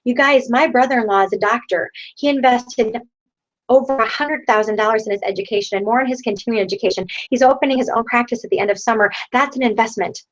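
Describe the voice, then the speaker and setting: Woman in her thirties, high voice, rousing sales pep talk, lo-fi video-call sound. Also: fast. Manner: rousing, repeats rhetorical questions. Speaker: sales team leader. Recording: dull lo-fi online video call.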